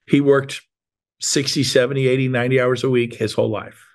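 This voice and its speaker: A man's voice: mid-range voice, little pitch movement, brisk. A man in his fifties hosting a real estate sales meeting, giving an emphatic, emotional motivational talk and praising his guests. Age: 50s.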